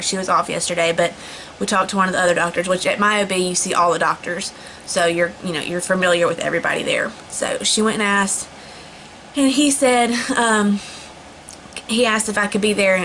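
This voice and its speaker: A woman's voice: fairly low pitch, fairly bright tone, a little hiss or hum, low-quality recording. A young woman chatting casually to camera, rambling with lots of fillers and restarts. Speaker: vlogger. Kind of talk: casual storytelling vlog.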